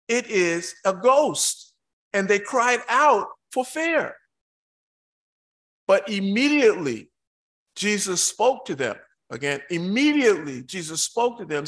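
A man preaching a sermon, reading scripture slowly and emphatically with dramatic pauses, breaking into excitable asides. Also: high voice.

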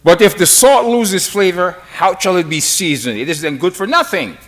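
A man preaching a sermon to a congregation, slow and emphatic, with dramatic pauses between phrases. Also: sits high, expressive, fairly bright tone.

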